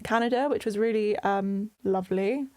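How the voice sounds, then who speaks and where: A woman's voice: mid-range voice, moderate pace, mellow. Chatty young British woman. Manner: chatty, enthusiastic, gushing. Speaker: guest, burlesque performer. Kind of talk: casual interview chat.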